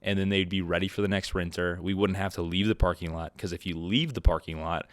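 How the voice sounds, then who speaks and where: A man's voice: sits low, fast, no room sound, clean studio sound. A man hosting a podcast, telling stories in casual chat, often laughing and acting out the people he quotes. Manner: laughs often, animated storytelling with quoted voices. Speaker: podcast host.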